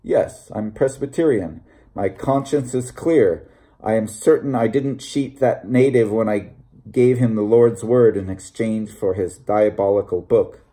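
A man voicing a secretive Scottish Presbyterian bible peddler in a low, hushed, confiding voice, read as an audiobook. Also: a little slow, natural voice. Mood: calm. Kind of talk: audiobook reading.

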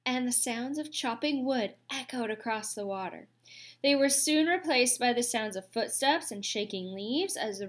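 A woman with a fairly high voice reads a children's book aloud. She tells the story clearly and steadily, at an easy storytelling pace. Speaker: audiobook reader. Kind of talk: reading a children's novel aloud.

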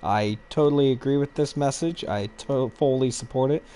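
Excitable, foul-mouthed young man. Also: medium pitch, normal speed. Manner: profane, excitable, laughs often. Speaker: co-host. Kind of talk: casual gaming chat.

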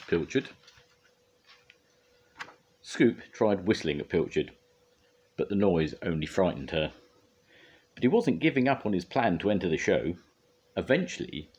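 An older man reads a children's storybook aloud, gentle and expressive. His voice is deep and a little husky, rising and falling with plenty of lilt.

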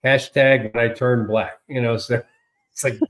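A co-host of a casual political talk show speaks in an animated, sarcastic way, piling up repeated words and slipping into mocking quotes. His voice sits at an ordinary middle pitch, and he talks at a moderate pace.

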